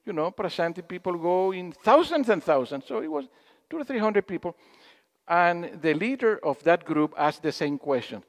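With a high, sing-song voice at a moderate pace, a man delivers a spiritual talk in a hall. He narrates stories, performs quotes and asks the audience questions.

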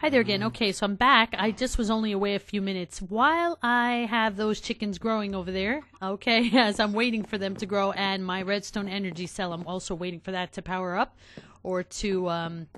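A woman hosting a game let's play, chatting casually to her viewers and getting excited easily. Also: medium pitch, normal speed. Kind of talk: casual gameplay commentary.

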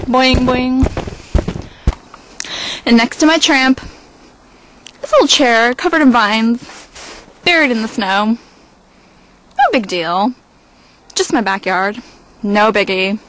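A woman's voice: fairly high pitch, fairly bright tone, slight background noise, low-quality recording. A young woman vlogging casually in a snowy backyard, playful and self-mocking, talking into a handheld camera. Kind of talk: casual vlog.

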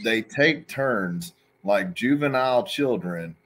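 A man's voice: lowish voice, lively intonation, slow, a bit bright. A man hosting a casual interview, chatty, laughing easily and prompting his guest for stories. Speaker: host.

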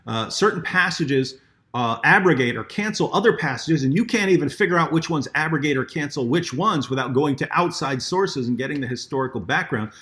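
A man hosting a live discussion, telling stories in an animated way with many restarts. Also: a little high, a little fast. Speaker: apologetics show host.

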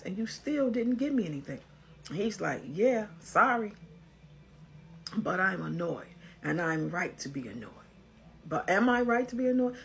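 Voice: medium pitch, creaky, breathy edge. An advice commentator, reading a post aloud and giving blunt, scolding commentary in a casual way.

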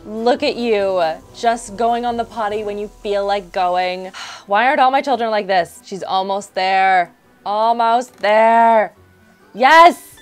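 A young woman talks her way through a life-sim game, narrating every move in a chatty, excitable way. Her voice sits at an ordinary middle pitch. Soft music plays faintly underneath. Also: a little slow. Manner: chatty, excitable, narrating each step aloud. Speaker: gaming YouTuber, host. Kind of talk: casual gameplay commentary.

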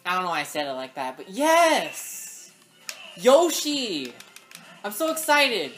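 A woman giving live gameplay commentary, excitable, talking to the game and yelling at opponents. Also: mid-range voice, takes it slowly, faint music behind. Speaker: gaming channel host.

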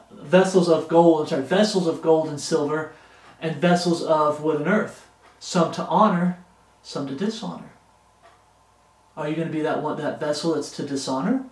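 High-voiced preacher man in an echoey room. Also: normal speed, long pauses, darkish tone. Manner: earnest, pleading preaching. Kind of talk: sermon.

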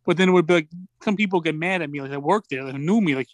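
A man chatting casually, telling a story quickly and animatedly, with quoted back-and-forth. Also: on the high side, no echo. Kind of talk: casual chat.

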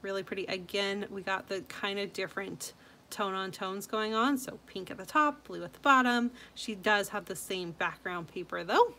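A woman hosting a scrapbooking channel, chatting casually and gushing over viewers' layouts, with frequent soft asides. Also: medium pitch, normal speed, a little hiss or hum.

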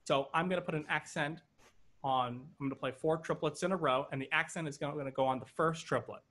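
A man's voice: on the high side, quick pace, heavy background noise. A man teaching an online drum lesson over a video call, counting triplets aloud in rhythm and joking now and then. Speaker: drum instructor.

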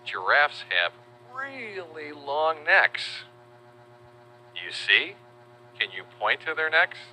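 Male narrator for a kids' learning video, deep-ish and bright, slow and lively. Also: a little hiss or hum, poor audio. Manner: playful, slow and animated, spells out words for kids. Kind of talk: children's educational narration.

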